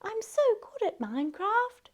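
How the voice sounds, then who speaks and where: A woman voicing Cinderella, a kind, dreamy young girl, in a soft, wistful, breathy voice. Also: extremely high pitch, expressive, slow, noisy background, voice pushed up, heavily acted.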